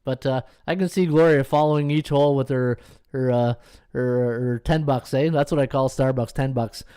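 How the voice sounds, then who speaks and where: A man's voice: mid-range voice, fairly even intonation, normal speed, dark tone, clear, resonant tone, no echo. A man hosting a sports betting podcast, chatting casually and greeting viewers by name between picks. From Canada. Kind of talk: casual live-stream chat.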